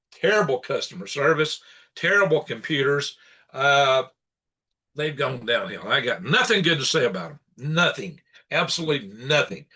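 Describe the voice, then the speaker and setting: A man hosting his own live stream, his voice bright and forward. He talks in a loose, rambling way, venting his aggravation between small chuckles. It sounds like casual, off-the-cuff commentary into a computer setup. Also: on the high side. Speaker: live-stream show host. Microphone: computer setup for live broadcast.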